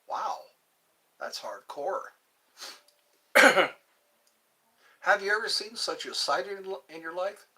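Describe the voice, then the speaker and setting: A middle-aged man livestreams from a phone on a tripod, chatting and rambling casually to young viewers and breaking into bits of song now and then. His voice is high-pitched, bright and forceful.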